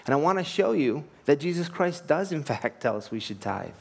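Higher-voiced male preacher. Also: big pitch swings, moderate pace, vocal fry, breathy edge. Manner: earnest, emphatic preaching with rhetorical questions; tells anecdotes with light laughs. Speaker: pastor. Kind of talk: sermon.

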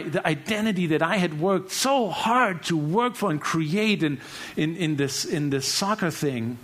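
A German-accented man tells his testimony in an earnest sermon style. His voice sits a little high for a man. He drops to near-hushed lines and then breaks into loud bursts. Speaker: speaker giving testimony.

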